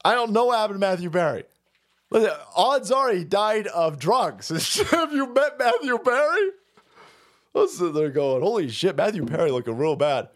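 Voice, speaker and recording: A man's voice: high-pitched, sing-song, moderate pace. A man in his forties hosting a livestream, delivering a profane, mocking comedic rant and laughing often. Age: 40s. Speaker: livestream host.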